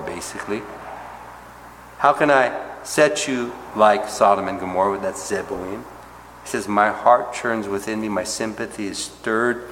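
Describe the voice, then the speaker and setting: A low-pitched man preaching in an echoey church hall, where a long reverb trails each phrase. He teaches conversationally, tossing in "right?" and "okay?", and sinks to near-hushed tones at tender moments. Faint background noise sits beneath the roomy sound. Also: unhurried. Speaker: pastor teaching a Bible study. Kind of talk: expository sermon.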